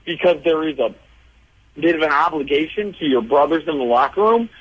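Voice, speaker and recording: Husky-voiced man arguing football. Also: fairly high pitch, brisk, muffled recording. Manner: argumentative, storytelling. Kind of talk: casual sports radio banter. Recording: radio studio mic.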